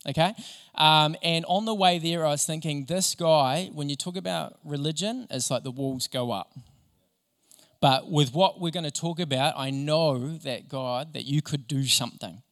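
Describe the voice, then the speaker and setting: Male pastor, lively storyteller, slightly high voice, big reverberant hall. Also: normal speed. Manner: animated, enthusiastic storyteller. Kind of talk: sermon with storytelling.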